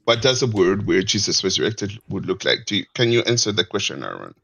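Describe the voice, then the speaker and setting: A man with a French Canadian accent debating in a live online discussion, pressing the same question again and again with halting, repeated phrasing. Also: lowish voice, sing-song, gravelly, fairly bright tone.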